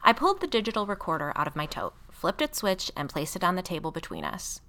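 A woman narrates a first-person audiobook in a wry, casually profane voice. Her tone is bright and crisp, and her pitch sits on the low side for a woman while swinging widely. She reads with a lively, expressive sense of timing. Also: quick pace.

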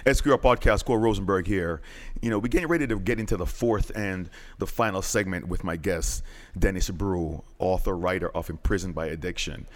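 Deep-voiced male podcast host. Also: brisk. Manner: steady, plain, announcing segments. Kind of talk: podcast hosting.

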